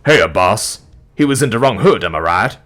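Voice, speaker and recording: A man voicing a brash gangster crocodile who talks with a Bronx accent and loud trash-talking swagger. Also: lowish voice, animated, normal speed, faint music behind. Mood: cheerful.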